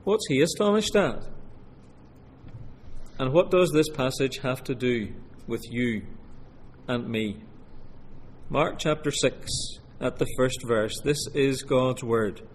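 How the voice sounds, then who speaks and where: Male preacher from Scotland, earnest and slow, slightly high voice, reverberant hall. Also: expressive, a little hiss or hum. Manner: measured, earnest preaching with slow deliberate scripture reading. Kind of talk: sermon. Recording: long hall reverb, faint room ambience.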